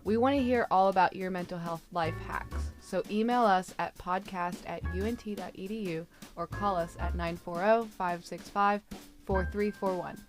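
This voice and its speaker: A woman's voice: medium pitch, moderate pace, music in the background. A woman co-hosting a university podcast, reading the sign-off and joking with her co-host between takes, laughing often. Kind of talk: podcast outro and bloopers.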